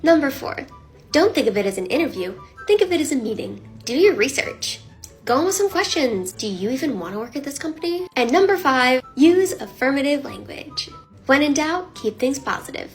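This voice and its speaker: A woman's voice: sits high, big pitch swings, normal speed, soft background music. A woman content creator giving career advice in punchy, upbeat, emphatic tips. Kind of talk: comedic tips and skits.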